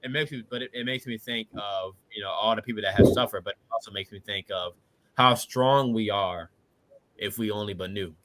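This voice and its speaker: Bright-voiced young man telling his story. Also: on the low side, fairly quick. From Washington DC. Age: late 20s. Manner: relaxed, earnest, peppered with "you know what I'm saying". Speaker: podcast guest. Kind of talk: casual storytelling.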